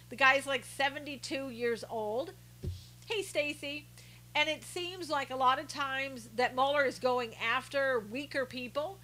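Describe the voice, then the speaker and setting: A woman's voice: fairly high pitch, a bit bright, low-quality recording. A woman hosting a live stream, talking casually about the news and greeting viewers by name as she reads their comments. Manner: chatty, reads viewer comments aloud, many restarts.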